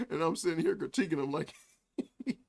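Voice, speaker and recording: A man's voice: a little high, vocal fry. A man doing reaction commentary on a video, mocking, swearing and often breaking into laughter. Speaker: YouTube commentator.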